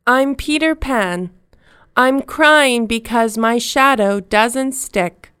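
A woman voicing the boy Peter Pan, eager and bold, in a slow, clear storybook reading. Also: a little high, fairly bright tone, dry recording, clean studio sound.

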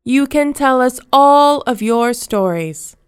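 A woman's voice: high-pitched, lively intonation, slow pace, smooth, dry recording, clean studio sound. Woman reading as eager boy Peter Pan. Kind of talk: storybook reading.

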